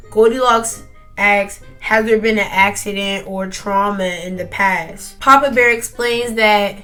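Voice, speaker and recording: A woman's voice: mid-range voice, a bit bright. A teenage girl casually narrating a school project story, chatty and full of "like". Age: teens. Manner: chatty, lots of "like". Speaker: student narrator. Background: faint background music.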